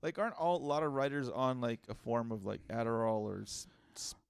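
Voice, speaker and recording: Podcast cohost guy, kinda gravelly, cusses and jokes around, dry mic. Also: medium pitch, animated, a little fast, no room sound. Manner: banters, swears, reads news loosely. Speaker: podcast co-host. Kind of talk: casual comedic chat.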